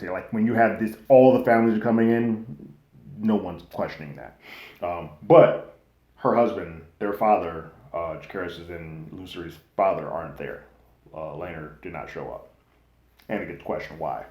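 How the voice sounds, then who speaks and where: A man hosting a casual, slangy TV recap and review, animated and loosely acting out what characters say. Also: sits low. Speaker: TV recap host. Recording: echoey room.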